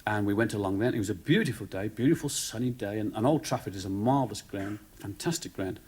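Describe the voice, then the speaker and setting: A man's voice: fairly low pitch, fast. A man with a Birmingham accent telling a story on stage as a stand-up comedian, rambling and chatty with lots of "you know". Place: TV studio before a live audience. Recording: 1970s TV studio recording, loud audience laughter.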